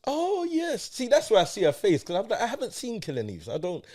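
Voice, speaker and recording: A man's voice: sits high, huge pitch swings, a little fast, darkish tone. A young man co-hosting a film review podcast in casual chat, laid-back and full of "yeah, yeah".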